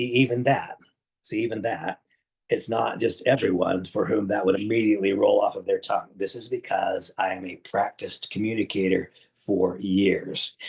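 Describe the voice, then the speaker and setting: A man presenting a live online business training session, speaking emphatically and preacherly, with sudden jumps in pitch and loudness, and addressing his audience directly. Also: gravelly. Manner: talks to the audience directly as folks.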